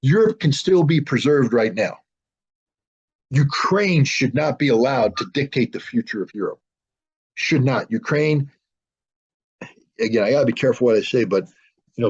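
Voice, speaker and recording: Blunt, husky-voiced man in an interview. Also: medium pitch. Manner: blunt and emphatic, with frequent restarts. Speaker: interview guest. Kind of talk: political interview talk. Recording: dull lo-fi audio.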